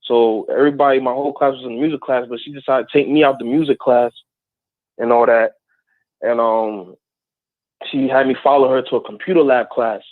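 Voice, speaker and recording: A man from New Jersey calling in to tell a personal story in a casual, halting way. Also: mid-range voice, fairly even intonation, dry recording. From Plainfield, New Jersey, USA. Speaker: caller. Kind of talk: call-in storytelling. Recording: tinny phone line, dry.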